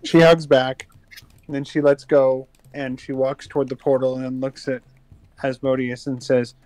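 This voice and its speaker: A man casually narrating his part in a tabletop game, with a halting delivery. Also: mid-range voice, little pitch movement, darkish tone, no echo, rough recording.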